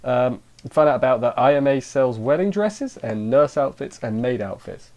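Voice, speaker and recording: A man's voice: medium pitch, animated, normal speed, darkish tone. Rambling, self-interrupting male anime reviewer. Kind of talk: casual spoken review.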